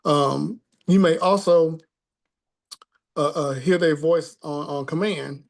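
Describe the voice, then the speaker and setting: A man's voice: fairly high pitch, steady tone, takes it slowly, creaky. A man teaching a spiritual class in a conversational tone, often checking in with the listeners.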